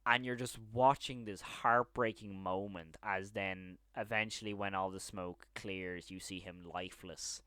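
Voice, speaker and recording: A man's voice: sits low, a bit bright, smooth, dry recording, clean studio sound. A man giving a casual, enthusiastic and rambling review of a TV series, now and then acting out lines from the scenes. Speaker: show reviewer.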